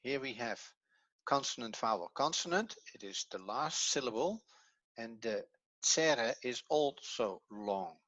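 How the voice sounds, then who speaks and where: Bright-voiced man teaching a class. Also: mid-range voice, expressive, a little slow, dry recording, muffled recording. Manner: patient, step-by-step explaining, thinks aloud. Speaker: Hebrew teacher. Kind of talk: evening class lesson.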